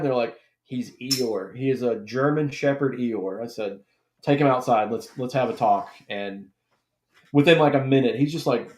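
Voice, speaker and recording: A man's voice: medium pitch, moderate pace, darkish tone. A man hosting a live draft stream, telling stories in a laid-back, casual way. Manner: chatty, storytelling, laid-back with swearing. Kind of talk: casual chat. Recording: echoey room.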